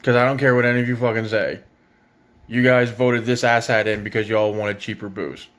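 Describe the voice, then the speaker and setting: A man's voice: on the low side, flat delivery, fairly quick, a bit bright. Angry, foul-mouthed man from Ontario. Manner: angry, sarcastic, swears heavily. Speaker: parent ranting on video. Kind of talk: profane political rant.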